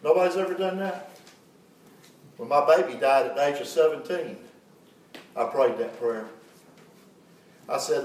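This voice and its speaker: A man's voice: a little high, measured pace, long pauses, a little mellow. A middle-aged man preaching an impassioned sermon as pastor, building to fervent peaks. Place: church sanctuary. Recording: very echoey room, mic at a distance.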